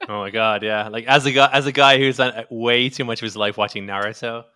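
Casting note: guy, bright voice, easygoing podcast chat, loose and rambly with lots of "like". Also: medium pitch, fairly even intonation, fast talker, clean tone. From Ireland. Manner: rambling, many fillers and restarts, laughs often.

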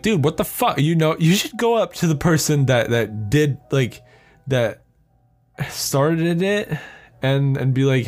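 A young man talks alone into a close podcast mic, rambling and cursing freely as he goes. He laughs at his own jokes, and his pitch sits in an ordinary middle range. Faint music plays underneath. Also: a little mellow. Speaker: podcast host. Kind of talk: casual solo podcast monologue.

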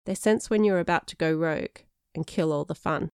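A woman narrating a first-person story in a lively, expressive way. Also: lowish voice, a little fast, clear, resonant tone, no echo, studio quality. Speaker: audiobook narrator.

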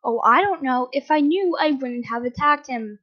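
A woman's voice: high voice, normal speed. A woman reading a story, voicing a blunt, sarcastic young male vampire. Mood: defensive. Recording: dull lo-fi recording.

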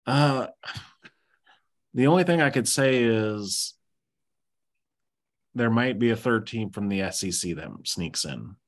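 A man co-hosting a podcast, talking football hesitantly, with many pauses and fillers. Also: fairly low pitch, lively intonation. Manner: hesitant, lots of ums and you-knows. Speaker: podcast co-host. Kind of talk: casual sports chat.

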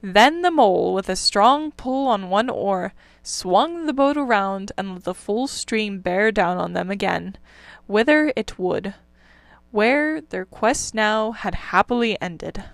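A woman hosting a podcast, reading a storybook aloud in a calm, even way. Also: mid-range voice, slow, vocal fry, no room sound. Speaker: podcast host and reader. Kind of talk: storybook narration.

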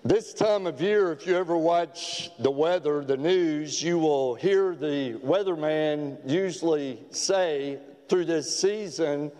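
A man preaching a sermon in a church, folksy and storytelling with gentle humor. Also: on the high side, a little slow, few pauses. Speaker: pastor. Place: church sanctuary. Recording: long church hall reverb.

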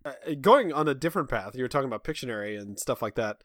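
A man's voice: medium pitch, animated, very fast, fairly bright tone, no echo, clean studio sound. A man co-hosting a casual podcast, talking in a rambling, chatty way and laughing often. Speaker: podcast co-host. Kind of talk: casual chat.

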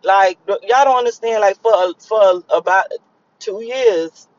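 A man's voice: high-pitched, unhurried, no echo, muffled recording. A young man in a car, rambling and cursing as he reflects on his morning. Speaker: vlogger. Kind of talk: casual morning monologue while driving.

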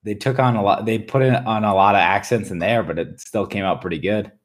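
A man's voice: on the low side, fairly quick. A man co-hosting a podcast, chatting casually and bluntly. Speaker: podcast co-host. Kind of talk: casual chat.

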